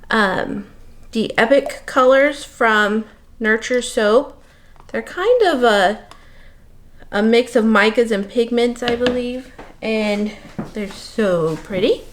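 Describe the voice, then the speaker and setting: Slow-talking woman walking through a craft. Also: a little high, steady tone. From Missouri, USA. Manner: unhurried, explains each step as she works. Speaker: soapmaker demonstrating. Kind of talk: casual tutorial narration.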